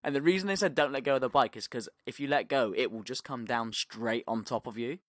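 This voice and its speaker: Young male podcaster, lively storyteller, dry close mic. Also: mid-range voice, a little fast, no echo. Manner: animated storytelling, acting out quotes, swearing, many "like" fillers. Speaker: podcast co-host. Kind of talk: casual podcast chat.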